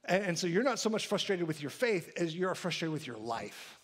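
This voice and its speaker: A man's voice: sits high, sing-song, fairly quick. A man preaching a sermon as pastor, talking conversationally and often checking in with a "right?" and restarting his phrases. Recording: church sanctuary.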